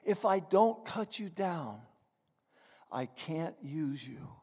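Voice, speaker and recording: A preacher as a grave, loving garden master. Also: male voice, extremely slow. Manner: grave, low and quiet. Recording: echoey hall.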